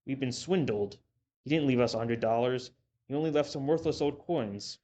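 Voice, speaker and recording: A man's voice: medium pitch, normal speed, natural voice. A man voicing an impatient wife who complains and makes demands, in a storybook reading. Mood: alarmed. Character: nagging impatient wife, adult woman.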